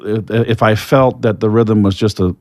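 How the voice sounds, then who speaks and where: Older male guest, deep voice, dry close mic, reflective storyteller who gets animated. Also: moderate pace, no echo. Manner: reflective, animated when telling stories. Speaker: guest, retired baseball player. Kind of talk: storytelling in a podcast interview.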